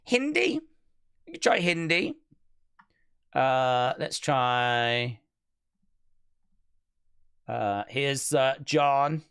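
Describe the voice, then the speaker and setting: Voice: medium pitch, very animated, extremely slow, creaky, long pauses, fairly bright tone, smooth. A stream host talks casually into a desk mic, reading out chat comments with a playful touch. The voice rises and falls a great deal. It sounds chatty and unscripted. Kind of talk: casual watch-along chat.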